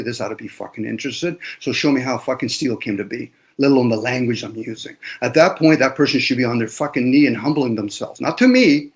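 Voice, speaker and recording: A man speaking in a casual panel discussion, lecturing emphatically with frequent swearing. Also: medium pitch.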